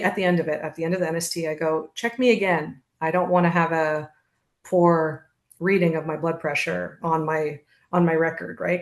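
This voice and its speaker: A woman as a podcast guest, telling her birth story in a candid, steady way and acting out what others said. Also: lowish voice, reverberant. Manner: candid, steady narration with reenacted quotes. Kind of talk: conversational storytelling.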